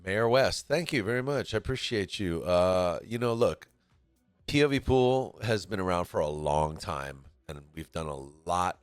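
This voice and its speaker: A man's voice: low voice, animated, moderate pace, clear, resonant tone, dry recording, soft background music. A man from California giving laid-back, chatty commentary on a pool match, often laughing as he talks. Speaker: stream commentator.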